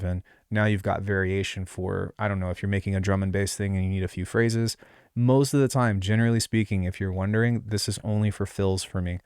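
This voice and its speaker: A man walks through a synth tutorial in a loose, rambling way, full of fillers and side remarks. His voice sits a little low, and the recording is dry and close with no room sound. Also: a little mellow, clean tone, dry recording. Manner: rambling, offhand, lots of fillers and asides. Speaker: music production tutor. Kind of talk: casual screen-recorded tutorial.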